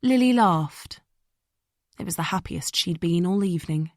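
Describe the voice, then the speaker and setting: A woman reading an audiobook in scripted narration, steady and measured, in a dry booth. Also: fairly low pitch, dry recording.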